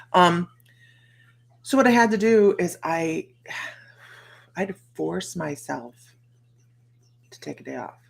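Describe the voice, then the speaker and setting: A middle-aged American woman with a low voice and a lot of fry talks casually to her livestream viewers. She rambles and greets people by name as she goes. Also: animated, slow, pauses often. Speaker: psychic livestream host.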